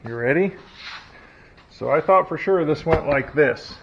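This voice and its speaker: A hobby mechanic restoring an old truck in his garage chats casually as he works, joking about himself along the way. His voice is fairly high, creaky, and moderately paced. The lo-fi audio is dull with faint noise, and logging machinery runs next door.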